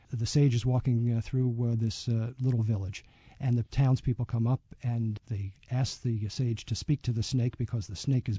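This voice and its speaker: A man being interviewed as a yoga teacher, speaking reflectively and telling a story with many pauses and fillers. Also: mid-range voice, warm tone, breathy edge, no room sound, muffled recording. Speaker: yoga teacher and author, guest. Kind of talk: radio interview.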